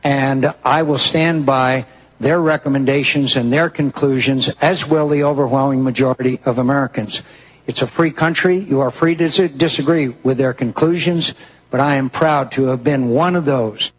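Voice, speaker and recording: A male senator speaking in a measured, halting, formal way at a public event. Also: medium pitch, dull audio, slight background noise. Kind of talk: public speech answering a question.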